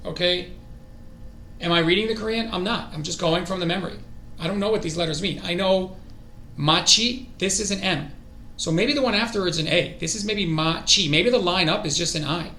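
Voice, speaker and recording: A man streaming his own language study, excitable and thinking aloud as he goes. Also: sits high, normal speed, roomy sound, a little hiss or hum. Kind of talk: casual self-study stream.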